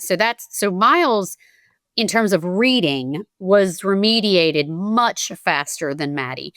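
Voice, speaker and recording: A woman in her forties tells her story as a podcast guest, her voice smooth and a little low. She speaks in an animated, emotional way and restarts her sentences as feelings rise. The sound is close and dry. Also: dry recording. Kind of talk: conversational storytelling.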